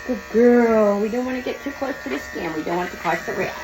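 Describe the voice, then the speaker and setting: A woman dog groomer talks casually to the camera while she works, her pitch leaping into sing-song baby talk for the dog. Electric clippers buzz clearly behind her voice. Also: lively intonation, racing, background noise. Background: electric clippers buzzing.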